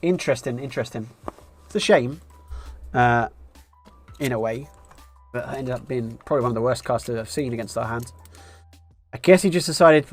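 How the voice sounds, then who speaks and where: A man's voice: medium pitch, moderate pace, pauses often, faint music behind. A man streaming live poker, musing through his decisions and thinking aloud with wry asides.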